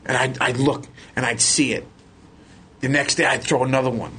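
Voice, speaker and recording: A man telling a long, excited story as a podcast guest, loud and profane as he acts out what people said. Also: mid-range voice, moderate pace, a little hiss or hum. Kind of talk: animated storytelling.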